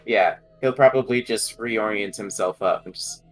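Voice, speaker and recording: A man's voice: on the low side, normal speed, soft background music, low-quality recording. A man taking part as a player in a tabletop game, hesitant and thinking aloud. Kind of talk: casual tabletop play.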